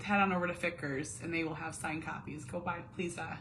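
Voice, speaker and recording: A woman's voice: fairly low pitch, level tone, brisk, hardly any pauses, fairly bright tone, a little hiss or hum, poor audio. A woman in her thirties, a mom and caregiver, talking candidly to camera at home, earnest and confiding, sometimes dropping to a near whisper on painful feelings. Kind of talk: candid personal monologue.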